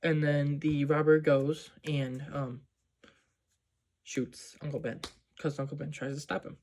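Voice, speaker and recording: A man's voice: fairly high pitch, flat delivery, a little slow, darkish tone. Rambling young-sounding man recapping a movie. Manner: rambling, many fillers like "um" and "like". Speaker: movie reviewer. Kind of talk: casual movie plot recap.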